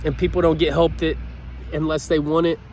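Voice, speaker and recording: A man's voice: a little high, little pitch movement, brisk, a little mellow, slight background noise. Earnest, emotional man pleading outdoors. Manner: earnest, pleading, repeats his points. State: emotional, choked up. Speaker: motivational speaker. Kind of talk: heartfelt motivational talk to camera.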